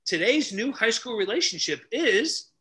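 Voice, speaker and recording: A middle-aged man telling stories loudly on a podcast, acting out each character's lines as a relationship coach. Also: very high voice, normal speed. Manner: animated, loud, acts out dialogue. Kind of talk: energetic storytelling in casual chat.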